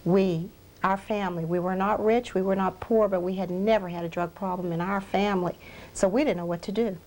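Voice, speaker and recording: A woman's voice: medium pitch, fairly even intonation, fairly quick, a little mellow. Emotional woman giving a testimony. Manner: emotional, repeats phrases for emphasis. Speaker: interview guest, ministry founder. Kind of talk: personal testimony in an interview.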